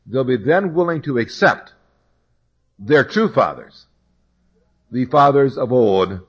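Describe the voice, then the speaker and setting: Man, Bible teacher, measured expository delivery, slightly raspy, animated intonation. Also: mid-range voice. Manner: measured, explains scripture verse by verse.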